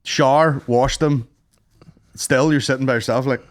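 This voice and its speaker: A man's voice: medium pitch, steady tone, measured pace, dry recording, clean studio sound. A Northern Irish man co-hosting a podcast, bantering in a casual, sweary way. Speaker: podcast co-host. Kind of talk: casual chat.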